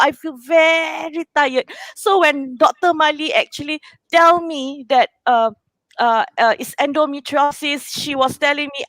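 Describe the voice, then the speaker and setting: A Singaporean woman with a high voice talks as a guest in a casual chat. She speaks in an emotional, heartfelt way, leaning on "you know" again and again. The sound is close and dry. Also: a bit bright, dry recording, rough recording. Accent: Singaporean English.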